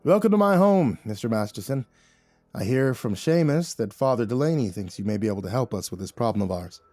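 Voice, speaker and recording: A man's voice: lowish voice, brisk, dark tone, no room sound, lightly acted. Gracious weary plantation owner, courteous and eager, dry sound, read by a man. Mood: welcoming.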